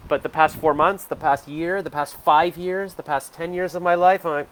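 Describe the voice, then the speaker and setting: With a fairly bright, somewhat high voice and fairly even intonation, a male vlogger in his forties speaks at normal speed to the camera from home. His casual self-reflection is rambling, hesitant, and full of fillers, with slight background noise.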